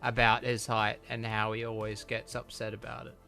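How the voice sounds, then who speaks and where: A man's voice: fairly low pitch, level tone, moderate pace, creaky, music in the background. A man from New Zealand with a New Zealand accent, hosting a casual live-stream chat, joking and teasing, often laughing. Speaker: stream host.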